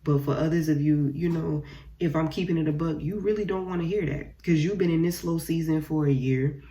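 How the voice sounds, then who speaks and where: Her voice sits low and dark, and she talks a little fast. A young woman giving a casual tarot reading, she speaks directly to viewers in a blunt, profane way, often repeating phrases.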